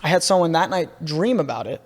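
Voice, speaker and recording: A young man on a podcast, excitedly telling a long story and calling his listener "bro" a lot. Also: on the high side, a little fast. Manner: excitable, repeats himself, says "bro" a lot. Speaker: podcast host. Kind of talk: casual podcast chat, storytelling. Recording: room with long reverb.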